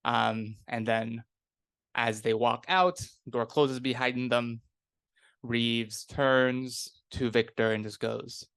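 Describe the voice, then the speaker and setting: A male game master narrates a tabletop game in a relaxed, rambling way. He talks slowly. His voice sits at a middle pitch. The recording is dry and close. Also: clean tone, no room sound. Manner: relaxed and rambling, with many fillers.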